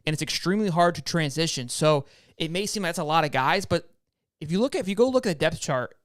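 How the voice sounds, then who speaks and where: Upbeat smooth-voiced man hosting sports chat. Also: a little high, expressive, fast talker, no room sound, clean studio sound. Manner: upbeat, joking, repeats words. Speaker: podcast host.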